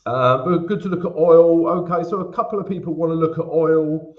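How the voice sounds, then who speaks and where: A man's voice: fairly high pitch, a little fast, dull audio. A man hosting a casual live-stream Q&A about trading, chatty and greeting viewers by name, calling them guys and mate.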